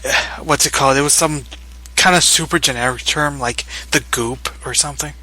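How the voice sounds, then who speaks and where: A man's voice: mid-range voice, fairly quick, bright, forceful tone, poor audio. A man chatting casually as a co-host, joking and laughing often. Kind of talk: casual chat.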